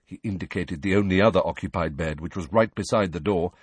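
A man narrating an audiobook with expressive storytelling. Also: low-pitched, brisk, hardly any pauses, husky, no echo.

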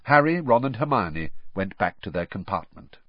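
A man narrates a storybook in a low, husky voice with a lively, rising and falling pitch. The recording is dry and close, with a slightly dull tone. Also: moderate pace, no room sound. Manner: expressive storybook reading. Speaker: audiobook narrator. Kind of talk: scripted narration.

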